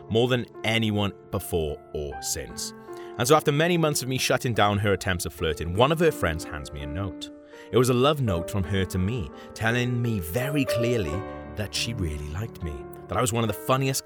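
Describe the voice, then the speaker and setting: A man with a lowish voice tells his own embarrassing school story, wry and self-mocking. Clear music plays behind him throughout. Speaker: podcast co-host. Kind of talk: comic storytelling.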